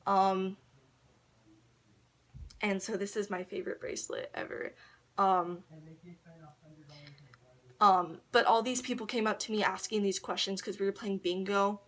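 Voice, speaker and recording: A woman's voice: medium pitch, steady tone, a little slow, pauses often. Woman, casual vlog storytelling, rambling, giggly, filler-heavy, bedroom, camera on a tissue box. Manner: rambling, giggly, full of ums and likes. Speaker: vlogger. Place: her own bedroom. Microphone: camera propped on a tissue box.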